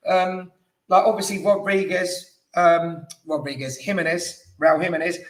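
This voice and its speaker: A man co-hosts a casual football podcast, easygoing and joking, with plenty of asides. His voice sits slightly high. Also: fairly even intonation, unhurried. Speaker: podcast co-host.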